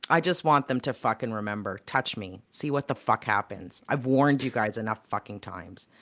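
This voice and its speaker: A young woman co-hosting a talk show, furious and swearing with every line. Her voice sits low but leaps up and down as she fires off her combative rant. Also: lively intonation, moderate pace. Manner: angry, profane, combative. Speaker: co-host. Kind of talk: heated casual chat.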